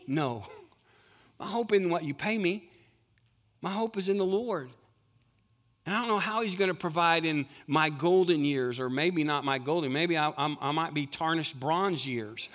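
A man's voice: high voice, normal speed, pushed and bright. A middle-aged man preaching a sermon as lead pastor, conversational and full of rhetorical questions to the congregation.

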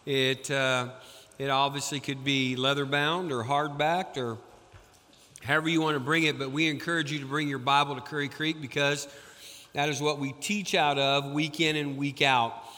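A man's voice: fairly even intonation, moderate pace, pushed and bright. A man preaching a sermon as pastor, folksy, with a sore throat, lifting his voice as he reads scripture. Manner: folksy, rises in pitch and volume reading scripture. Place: church sanctuary. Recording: church hall with long reverb.

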